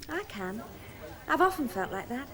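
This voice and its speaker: A woman's voice: high-pitched, very animated, normal speed, crowd noise. An actress playing an earnest, dreamy young woman running a party game in a televised stage drama. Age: young adult. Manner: eager, bossy, reflective.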